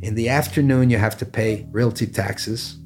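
A man in his sixties from Canada, telling personal stories in a measured, anecdotal way in an interview. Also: mid-range voice. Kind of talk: reflective storytelling interview. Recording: faint guitar music underneath.

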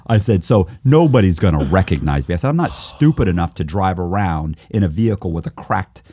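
Animated man telling a story, husky. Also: low voice, a little fast. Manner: animated storyteller acting out dialogue. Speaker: guest, author. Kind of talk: storytelling in a podcast interview.

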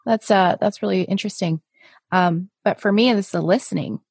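A woman's voice: medium pitch, moderate pace, gravelly, a little mellow, slightly rough, dry recording, studio quality. A woman hosting a casual podcast chat, chatty and self-deprecating, laughing easily.

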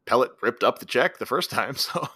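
A podcast co-host with a medium-pitched, brisk voice that's pushed, bright, and a touch breathy recaps a film's plot scene by scene. His intonation is lively as he quotes characters in brief voices, with no room sound.

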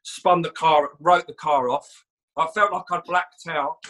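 A man telling a lively story in a casual chat. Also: on the high side, a little slow, poor audio. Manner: lively storyteller, animated retelling.

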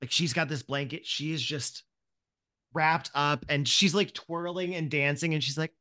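A man's voice: on the high side, fairly even intonation, measured pace, pushed and bright. A man hosting and narrating a tabletop game, rambling with many restarts. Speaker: game master and host.

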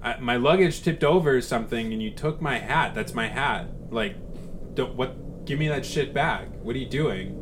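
A man playing his character in an improvised role-play game, expressive and swearing a lot. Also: mid-range voice, normal speed, background noise. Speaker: player.

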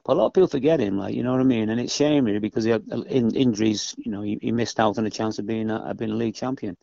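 A man's voice: lowish voice, rapid-fire, gravelly, mellow, dry recording. An older man, a former footballer, chatting casually as a podcast guest, rambling and often adding "you know what I mean". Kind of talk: casual interview chat. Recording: dull lo-fi dry podcast audio.

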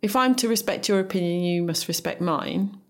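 A woman's voice: medium pitch, normal speed. A young adult woman in casual conversation, frank and opinionated, laughing often as she tells stories. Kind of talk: casual chat.

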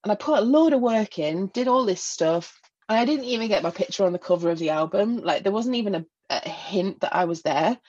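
A woman's voice: medium pitch, expressive, brisk, a little mellow, breathy edge, muffled recording. A woman from Northeast England with a Northeast English accent, talking frankly and self-deprecatingly as a guest in an interview. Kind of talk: candid personal interview.

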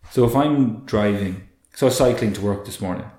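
A man, a guest expert explaining in an earnest, animated way, often restarting with repeated words. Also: fairly low pitch, fairly quick. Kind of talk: conversational explaining. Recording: roomy echo.

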